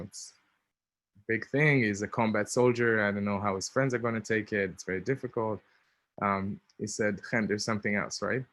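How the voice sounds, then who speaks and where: A man in his thirties with an Israeli accent tells a personal story in a chatty way, full of ums and small laughs. His voice sits on the low side. The recording is dry and close, with no room sound. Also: fairly bright tone, no echo. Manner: chatty, many ums, laughs between lines. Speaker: speaker.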